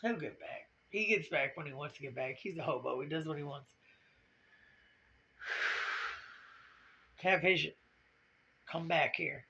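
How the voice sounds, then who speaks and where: This woman's voice is animated yet slow, full of long pauses and sharp in tone. Tearful, she vlogs confessionally, swearing, speaking bluntly and rambling, on a lo-fi, low-quality video recording.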